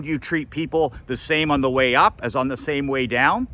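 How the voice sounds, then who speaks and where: A man with a bright, forceful voice tells a story as a motivational coach. He acts out the quoted lines with sudden high jumps in pitch. He repeats his motto the way a preacher would. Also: normal speed, hardly any pauses, a little hiss or hum. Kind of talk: storytelling monologue.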